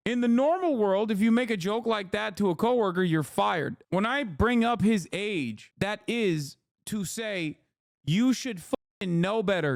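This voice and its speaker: A man's voice: sits high, gravelly, no room sound, studio quality. A man in his thirties streaming live, ranting angrily and with heavy profanity as he reacts to posts. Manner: angry, profane ranting, fast and emphatic.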